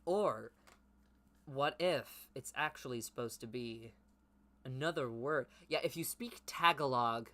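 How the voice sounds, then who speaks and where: A man's voice: medium pitch, unhurried, pushed and bright. A man reading his old teenage story aloud and mocking it with sarcastic, profane commentary. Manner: sarcastic, self-mocking, swears.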